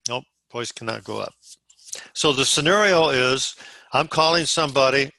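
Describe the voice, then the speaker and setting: A man's voice: mid-range voice, sharp tone, dry recording. A man leading a sales group over a video call, walking them through phone scripts step by step in an instructive way. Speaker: sales team leader.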